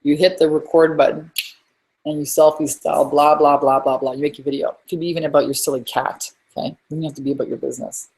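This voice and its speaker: A woman hosting a live webinar from home as a business coach, talking in an energetic, rambling, emphatic way. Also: low-pitched, fast talker, slightly rough.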